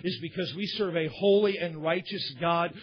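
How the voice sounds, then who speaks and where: At a church service, a male pastor with a somewhat high voice preaches at normal speed, telling stories and making candid, conversational asides to his congregation. The recording is dull and lo-fi.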